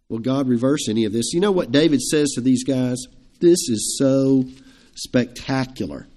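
A man's voice: mid-range voice, a little mellow. A man preaching an evening sermon to his congregation in a conversational, emphatic way. He chuckles between points and asks his listeners questions. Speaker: pastor.

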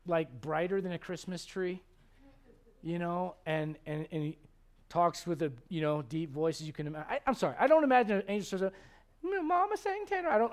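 A middle-aged male pastor preaching a sermon in an animated, joking way. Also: a little high. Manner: animated, joking, acts out quoted voices.

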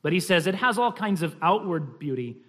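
A man's voice: high-pitched, big pitch swings, fairly quick, fairly bright tone. A man teaching a church class on family worship, talking in a conversational, explanatory way with frequent restarts and fillers.

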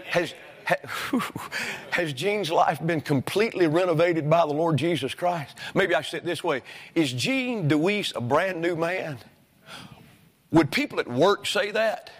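A man's voice: on the high side, animated, unhurried, long reverb tail. A male pastor preaching a sermon, emphatic and repeatedly questioning his congregation. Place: church sanctuary.

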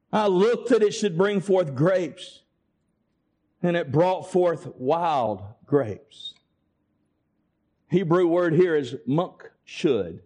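Man, preacher, high voice, very slow, emphatic pauses, sermon. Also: a little mellow, breathy edge.

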